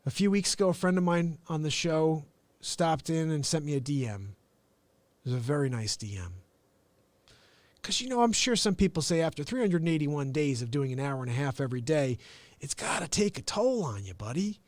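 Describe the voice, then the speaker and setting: A middle-aged man hosting his own daily live show, talking straight to viewers in a chatty, animated way. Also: a little high, brisk, no room sound. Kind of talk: casual live-stream monologue.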